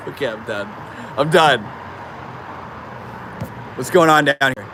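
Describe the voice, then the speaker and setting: A man's voice: medium pitch, slow, long pauses, background noise. A man casually chatting on a livestream, reading viewer comments aloud and answering them in a laid-back, slangy way.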